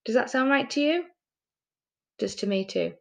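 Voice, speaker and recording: A woman teaching a recorded phonics lesson to young children, sounding out words patiently and asking gentle teacherly questions. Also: high-pitched, expressive, moderate pace, gravelly. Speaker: primary school teacher.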